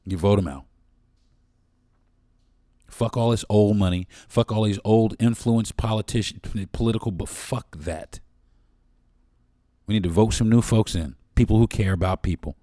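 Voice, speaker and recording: A man's voice: lowish voice, moderate pace, long pauses, warm tone, no echo, clean studio sound. A man hosting his own podcast, talking alone in a blunt, profane and impassioned way. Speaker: podcast host. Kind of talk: solo podcast monologue.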